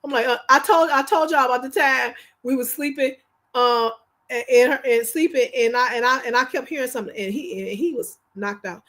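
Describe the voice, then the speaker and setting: A woman chatting casually on a livestream, telling animated stories to her viewers in slangy, informal speech. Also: high voice, fairly quick. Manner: animated, chatty storyteller addressing viewers directly. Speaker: livestream host.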